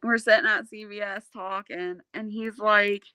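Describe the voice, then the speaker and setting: A woman hosts a casual livestream, swapping stories with an easy, animated chattiness and frequent laughter. Her voice is bright and clear, and the recording sounds close and dry, with no room around it. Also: mid-range voice, moderate pace, no room sound. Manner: laughs often while telling stories. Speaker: livestream host.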